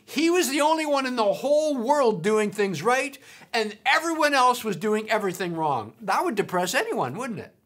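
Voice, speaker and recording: A woman preaching a sermon, emphatic, repeating key points slowly. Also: medium pitch, slightly rough.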